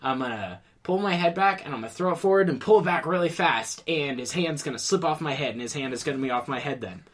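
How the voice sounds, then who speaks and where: A man's voice: fairly high pitch, fast talker, few pauses, fairly bright tone. A man, a podcast guest, telling a casual story in a rambling way with plenty of swearing.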